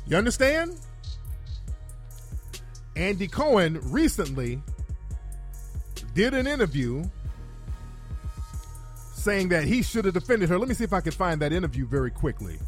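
A man's voice: high-pitched, big pitch swings, measured pace, long pauses, faint music behind. A man giving a blunt, heated, profanity-laced reaction commentary as a vlogger.

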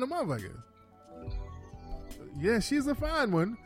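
Animated, cursing man commentator. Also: extremely high pitch, moderate pace, long pauses, soft background music. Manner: animated, profane, laughing asides. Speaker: commentary host. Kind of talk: casual commentary.

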